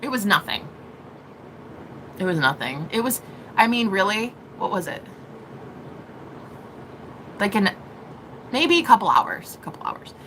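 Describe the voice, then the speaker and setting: A woman speaking as a spiritual reader in a casual vlog monologue, profane and dramatic, laughing often and rushing in bursts. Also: mid-range voice, very animated, pushed and bright, a little hiss or hum, poor audio.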